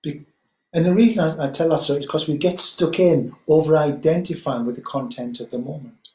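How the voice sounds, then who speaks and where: A man who teaches mindfulness, leading a guided meditation talk slowly and gently, with frequent ums. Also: fairly high pitch, reverberant, poor audio.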